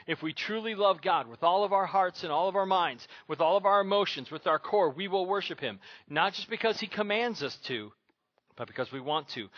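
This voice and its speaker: A man preaching a sermon with a bright, forceful voice that sits a little high. He preaches emphatically, repeating key phrases, and the sound is dry and somewhat muffled. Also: no room sound. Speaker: pastor.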